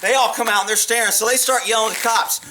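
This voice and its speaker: High-voiced blunt cop telling stories. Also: male voice, fast talker, far from the mic, background noise. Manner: blunt, profane, animated. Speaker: police officer vlogger. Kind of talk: casual storytelling monologue.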